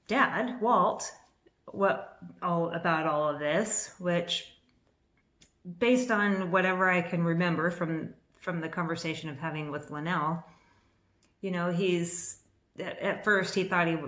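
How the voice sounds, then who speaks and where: A woman in her fifties telling a personal story to camera in an excitable, rambling way, a little nervous, with restarts and bursts of laughter. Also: on the low side. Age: 50s. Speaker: vlogger. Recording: echoey room.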